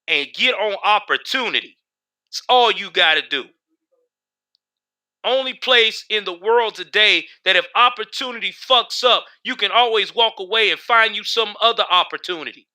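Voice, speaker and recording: Male livestream host, heated and profane, sharp bright high voice. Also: lively intonation, normal speed. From United States. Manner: heated, profane, talks back to chat. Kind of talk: casual live-stream commentary.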